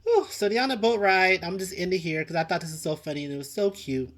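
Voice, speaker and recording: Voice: mid-range voice, fast talker. Vlog host, casual commentary, exasperated, dramatic sighs, repeats for emphasis. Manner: addresses people directly and repeats lines for emphasis. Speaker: TV show reviewer, channel host.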